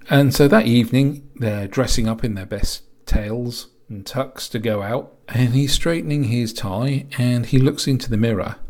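A man's voice: on the low side, a little mellow. Chatty man reviewing a film. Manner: rambling, chatty, with many restarts and asides.

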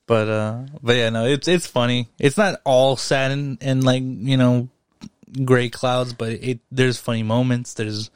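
A young man co-hosting a casual podcast, rambling and swearing freely as he retells stories with animated asides. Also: mid-range voice, unhurried, clean tone, no echo, clean studio sound. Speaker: podcast co-host. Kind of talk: casual chat.

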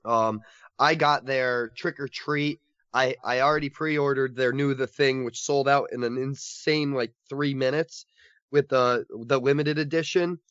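An excitable man gushes through a casual podcast chat, laughing often. His voice sits at an ordinary middle pitch. The recording is dry and a little dull, like lo-fi audio. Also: unhurried, clean tone, no echo. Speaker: podcast co-host covering horror collectibles.

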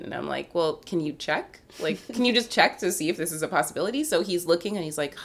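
Canadian woman comic in her thirties, lowish voice, animated storyteller. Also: fast, few pauses. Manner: animated, self-mocking, acts out quoted voices. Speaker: comedian guest. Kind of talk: casual comedic storytelling.

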